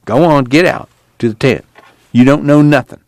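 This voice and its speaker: A man reading aloud and voicing a rebellious rural ex-preacher who talks in a folksy drawl, calm and defiant. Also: mid-range voice, normal speed, no room sound, voice pushed up, lightly acted. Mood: firm. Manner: folksy rural drawl, firm and plain-spoken.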